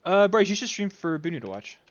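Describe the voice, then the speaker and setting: A man's voice: high-pitched, sing-song, fairly quick, no echo, highs cut off. A man chatting casually as a player, rambling and swearing. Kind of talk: casual chat.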